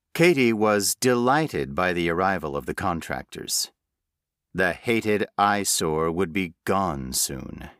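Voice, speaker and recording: Slow, expressive low-voiced male narrator. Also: no echo, studio quality. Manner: unhurried, expressive reading. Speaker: audiobook narrator. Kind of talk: scripted narration.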